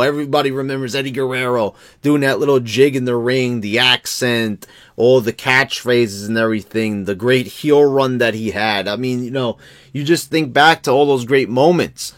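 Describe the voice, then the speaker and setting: A man's voice: mid-range voice, fairly bright tone, no room sound, clean studio sound. A man ranting casually about wrestling in a rambling, profane way, full of restarts and fillers. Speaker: wrestling commentary vlogger. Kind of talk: casual opinion rant.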